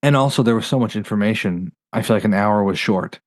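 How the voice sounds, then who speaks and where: A man hosting a podcast, chatting casually in a review and rattling off facts in quick bursts. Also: lowish voice, dry recording, clean studio sound. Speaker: podcast host.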